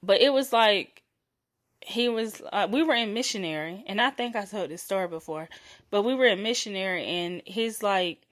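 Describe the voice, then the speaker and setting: Frank, playful young woman podcaster. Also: mid-range voice. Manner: frank, playful, drawn-out and breathy on intimate words. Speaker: podcast host. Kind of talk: candid solo podcast chat.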